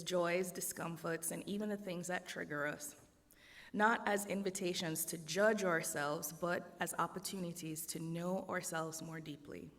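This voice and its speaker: A woman with a Jamaican accent opening a church service as worship leader. She speaks in a measured, reflective way with light asides. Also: lowish voice. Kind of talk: sermon opening. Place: church sanctuary. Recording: long reverb of a large hall.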